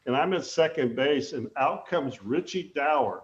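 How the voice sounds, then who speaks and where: An older man, a former ballplayer, telling animated stories in a casual interview, acting out the voices he quotes. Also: fairly high pitch, normal speed, reverberant, lo-fi sound. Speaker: guest, former baseball player.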